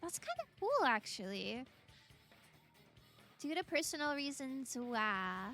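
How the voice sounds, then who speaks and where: A woman's voice: sits high, very animated, takes it slowly, long pauses, pushed and bright. A young American woman streaming a game, chatting and giggling casually as she answers her chat. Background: faint game music.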